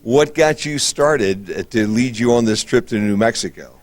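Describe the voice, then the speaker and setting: A man interviewing people at a science fair, easygoing and chatty. He laughs easily and keeps the questions light. His voice sits at an ordinary middle pitch. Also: normal speed, dry recording. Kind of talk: casual interview. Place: busy science fair hall.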